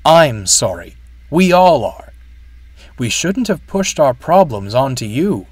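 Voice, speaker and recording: A man voicing a proud, grumpy male steam engine who protests loudly and then apologizes sincerely. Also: medium pitch, big pitch swings, slow, dry recording. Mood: earnest. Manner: indignant, then earnest.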